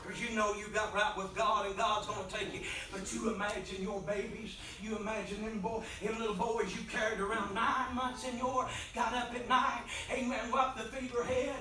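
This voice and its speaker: A man preaching an impassioned revival sermon in a church, swinging between soft pleading and loud shouting. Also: sits high, level tone, normal speed, hardly any pauses, slight background noise. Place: church sanctuary. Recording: very echoey church from far off mic.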